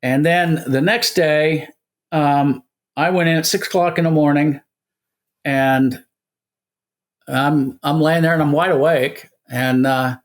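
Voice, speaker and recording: An older man in his seventies tells his story to an interviewer. His voice sits a little high, and he is animated, playing out both sides of the conversations he recounts. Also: takes it slowly, pauses often. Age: 70s. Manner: animated storyteller, acts out quoted dialogue. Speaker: guest. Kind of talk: casual storytelling.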